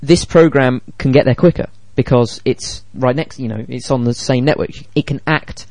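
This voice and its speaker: A man co-hosting a casual tech podcast, explaining things in an animated way and acting out quoted dialogue. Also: medium pitch, normal speed, no room sound. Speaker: podcast co-host.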